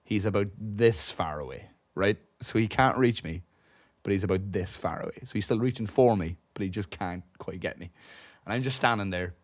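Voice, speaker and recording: Irish man, young adult, low voice, dry close mic, chatty storyteller, swears freely. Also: moderate pace, hardly any pauses, no echo. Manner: animated, profane anecdote telling with many asides. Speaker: podcast co-host. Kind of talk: casual storytelling chat. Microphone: podcast studio microphone.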